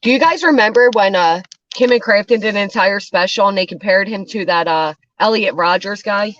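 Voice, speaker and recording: A woman's voice: mid-range voice, a little fast, a bit bright, no room sound, highs cut off. A woman hosting a drama commentary show, ranting with profane scorn. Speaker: commentary channel host.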